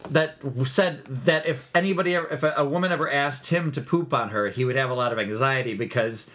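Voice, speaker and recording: A man's voice: mid-range voice, fairly quick, fairly bright tone. A man in a casual movie discussion who talks hesitantly and keeps steering the conversation. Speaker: podcast co-host.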